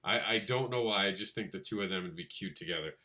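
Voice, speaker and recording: A man co-hosting a casual chat about comic book crowdfunding, animated and quick to laugh. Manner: animated, laughs, mimics others in a high voice. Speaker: podcast co-host.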